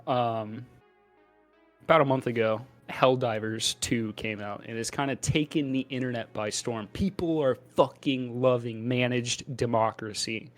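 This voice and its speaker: A man's voice: mid-range voice, fairly even intonation, unhurried, faint music behind. Joking, rambling man hosting a podcast. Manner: joking, rambling, laughs often. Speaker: podcast co-host. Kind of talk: casual podcast chat.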